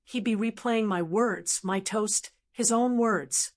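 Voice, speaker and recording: An older woman reading a first-person story in a measured, reflective way. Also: a little high. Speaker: narrator.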